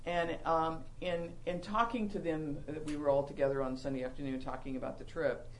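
An older woman giving a Bible teaching talk to women, telling animated, self-mocking stories. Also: low-pitched, fairly quick, heavy background noise.

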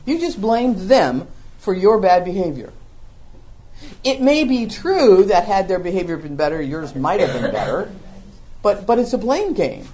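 A middle-aged woman teaching a Bible study to a small group, animated and acting out the voices of the scripture. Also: medium pitch, measured pace. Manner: animated, acts out the scripture voices, laughs along.

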